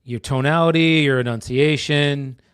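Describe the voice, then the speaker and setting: A man's voice: mid-range voice, steady tone, moderate pace, clear, resonant tone, dry recording. Rambling man from New Jersey, dry close mic. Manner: rambling, restarts sentences, says brother and bro. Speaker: real estate agent, co-host. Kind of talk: casual chat.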